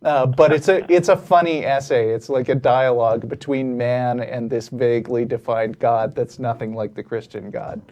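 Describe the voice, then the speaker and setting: A man co-hosting a call-in show with an ordinary mid-range voice. He talks in a dry, wry way, chuckling now and then and pausing to hunt for a name or a word. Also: mid-range voice, fairly even intonation, darkish tone, a little hiss or hum. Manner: wry, chuckling, searches for words. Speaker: co-host. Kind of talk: casual call-in discussion.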